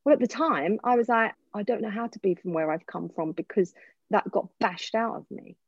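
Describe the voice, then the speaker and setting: A woman from Essex with an Essex accent, an actor and voice coach chatting casually, animated and often breaking off mid-sentence. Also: mid-range voice, moderate pace, breathy edge, no room sound, muffled recording. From Essex, England. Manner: animated, self-interrupting, laughing storyteller. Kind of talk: casual conversation.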